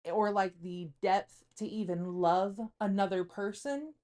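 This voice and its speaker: In casual podcast banter, this thirtysomething co-host speaks a little slowly with a mellow, medium-pitched voice and fairly even intonation. She's candid and confessional, wandering through her thoughts with frequent fillers.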